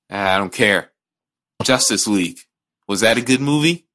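A man's voice: on the low side, animated, unhurried, bright, forceful tone. A man co-hosting a casual movie podcast, talking bluntly and profanely, often restarting his sentences. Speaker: podcast co-host.

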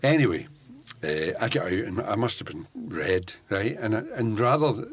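Older scottish guy, low husky voice, chatty storyteller, keeps laughing and doing the dialogue. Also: normal speed. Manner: animated storyteller who laughs often and acts out dialogue. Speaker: former undercover police officer, guest. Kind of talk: anecdotal storytelling in an interview.

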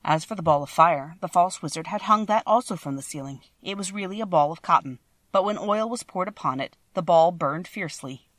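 A woman narrating a classic storybook in a measured, expressive way. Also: on the low side, dry recording. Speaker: audiobook reader.

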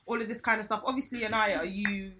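A young woman, hosting a podcast in an animated, exclamatory way and laughing often. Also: medium pitch, fast, a crowd in the background. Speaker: podcast host. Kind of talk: casual chat.

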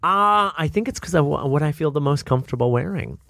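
A man's voice: on the high side, animated, fast, gravelly, bright, forceful tone, no room sound. A man in his thirties, a guest on a casual comedy podcast, talking with hesitant restarts and casual swearing. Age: 30s. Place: small studio.

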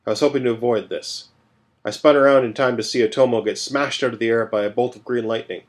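Male narrator-host, steady first-person storytelling. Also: medium pitch, quick pace.

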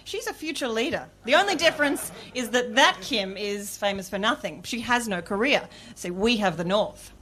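A woman playing a deadpan North Korean government spokeswoman in a live comedy sketch, with a put-on accent, making absurd boasts. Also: a little high, moderate pace, few pauses, crowd noise, lightly acted. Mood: deadpan boastful. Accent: mock Korean accent. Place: live stage before an audience. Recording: audience laughter in the room.

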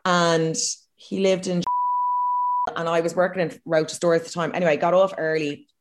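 Animated Irish woman telling a story. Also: on the low side, moderate pace, very noisy. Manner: animated, swearing, self-mocking storyteller. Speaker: podcast co-host. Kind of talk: casual storytelling chat.

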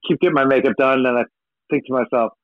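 Profane rocker on a tinny line. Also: male voice, medium pitch, steady tone, fast, no room sound. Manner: profane, rambling anecdotes with acted-out quotes. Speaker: rock musician guest. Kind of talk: casual interview storytelling. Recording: tinny phone-like line, dry.

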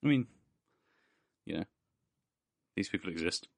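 A man's voice: deep voice, lively intonation, a little slow, creaky, dry recording, clean studio sound. A man co-hosting a podcast in casual chat, giving blunt, laid-back opinions. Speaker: podcast co-host.

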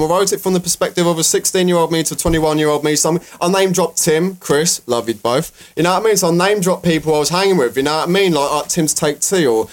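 A young man, a rapper guest telling stories in casual podcast chat, animated and full of fillers. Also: a little high, fast talker, few pauses. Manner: animated storyteller, mimics voices, many fillers.

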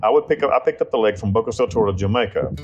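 Blunt American man telling a rough story. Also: lowish voice, animated, very fast, dull audio, music in the background. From United States. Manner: blunt, rambling storytelling with restarts and profanity. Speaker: interview subject. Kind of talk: recounted life story.

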